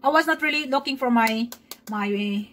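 A mother with a high, bright-sitting voice talks her daughter through each baking step, coaxing and chatty. Faint kitchen ambience hums behind her. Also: moderate pace, slight background noise, poor audio. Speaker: home cook and mother. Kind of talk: casual cooking vlog.

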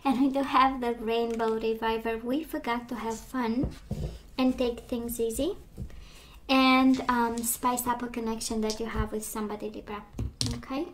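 A woman losing her voice gives a gentle, reassuring tarot reading, talking with many fillers. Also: a little high, flat delivery, moderate pace, slight background noise. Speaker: tarot reader.

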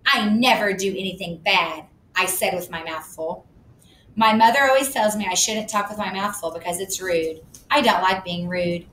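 A woman reads a children's chapter book aloud in the first person, plain and matter-of-fact, at a middle pitch. The room is echoey, with a faint low rumble in the background. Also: moderate pace, a bit bright. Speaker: audiobook narrator.

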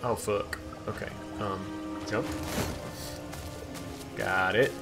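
A man hosting a gaming channel, giving excitable let's-play commentary, swearing and talking back to the game. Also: on the low side, very slow, creaky. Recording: voice over loud game music.

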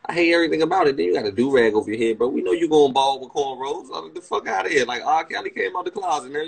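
A man's voice: mid-range voice, animated, fast, gravelly, hardly any pauses, husky, rough recording. A young man with a Washington DC area accent, talking on a livestream, brash and profane, mocking a guest. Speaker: livestream host. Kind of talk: casual livestream chat, roasting a guest.

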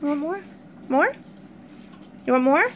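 A woman's voice: high-pitched, a little slow. A woman vlogger feeding her pets, talking to them in a cooing, sing-song way and chatting casually to her viewers. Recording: noisy home footage with squawking birds. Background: birds squawking.

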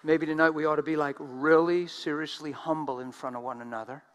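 A man preaching a sermon, telling stories with emphasis and swinging from loud outbursts to hushed tones. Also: a little high, steady tone, brisk. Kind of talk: sermon storytelling.

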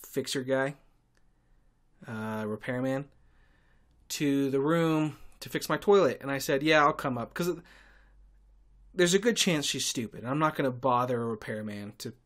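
A man hosting a podcast, telling stories in a sarcastic, irritable monologue with sudden loud outbursts. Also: mid-range voice, a little slow, pauses often. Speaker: podcast host and tour guide. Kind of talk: casual ranting monologue.

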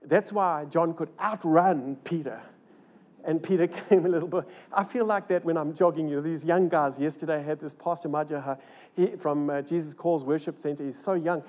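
Older male pastor for a church sermon; theatrical, dips from loud peaks to near-hushed asides, asks the congregation rhetorical questions. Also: normal speed. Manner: dramatic, swings between loud rises and hushed low lines. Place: church service.

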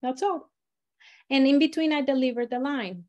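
A woman's voice: high-pitched, moderate pace, long pauses, a little mellow, dull audio. A woman leading a storytelling workshop who talks in a chatty way, often restarting her sentences and acting out examples. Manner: chatty, many fillers and restarts, acts out examples. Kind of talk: casual teaching talk.

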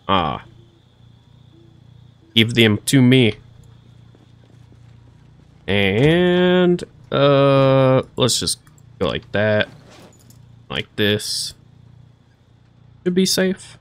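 A man narrating his survival game at an unhurried, easy pace, mid-pitched and relaxed. He mutters to himself as he plays and tosses in playful sound effects. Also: clean tone. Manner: chatty, talks to himself while playing, makes playful sound effects. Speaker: let's play gaming host. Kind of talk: casual gameplay commentary.

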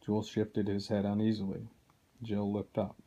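A man narrating a story aloud in a steady, even reading. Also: lowish voice, normal speed. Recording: dull lo-fi recording.

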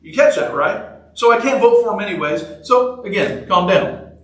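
A man's voice: high voice, lively intonation, moderate pace. A man preaching a sermon in a conversational, joking way, repeating short phrases for emphasis. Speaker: pastor. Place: church sanctuary. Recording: echoey church hall from far off.

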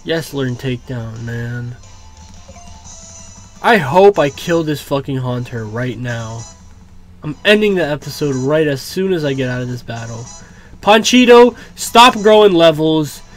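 A young man recording a let's play, exasperated, pleading with the game and swearing, now and then erupting into shouts. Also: mid-range voice, animated, unhurried, faint music behind. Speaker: gaming YouTuber. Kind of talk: frustrated let's play commentary. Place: home room.

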